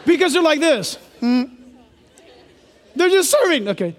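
A male pastor preaching a lively sermon, joking and acting out quotes for his congregation. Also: very high voice, a little slow, big-room sound, some chatter behind. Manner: animated, joking, acts out quotes. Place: large church.

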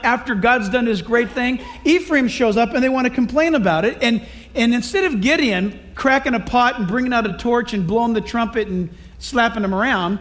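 High-voiced animated male preacher. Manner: animated, acts out voices of Bible characters. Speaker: pastor. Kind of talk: sermon.

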